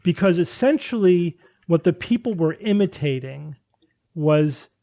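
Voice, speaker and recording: Male podcast host; mellow, slightly high voice, conversational, leads the panel chat. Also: lively intonation, a little slow. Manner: thinks aloud, frequent restarts and rhetorical questions. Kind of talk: casual panel discussion.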